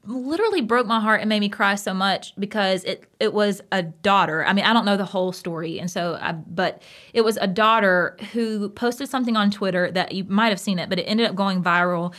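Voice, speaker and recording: A woman's voice: mid-range voice, fairly quick. Passionate woman with a twang. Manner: emphatic, passionate, animated storytelling. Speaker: podcast co-host. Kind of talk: casual podcast chat.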